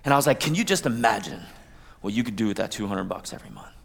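A man's voice: on the low side, lively intonation, fast talker, creaky, a bit bright. A man pastor giving a conversational sermon, with asides and playful quoted voices. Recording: long hall reverb.

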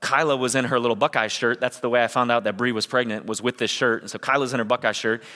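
A middle-aged man from Ohio, a pastor preaching a sermon, telling personal stories in a conversational way that builds to energetic emphasis. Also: mid-range voice, quick pace, long reverb tail.

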